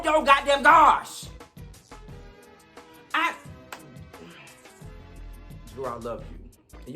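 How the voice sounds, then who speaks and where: Sassy, foul-mouthed man ranting. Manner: sassy, profane, dramatic swings from loud outbursts to low mutters. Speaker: reality TV recap host. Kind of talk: casual recap rant.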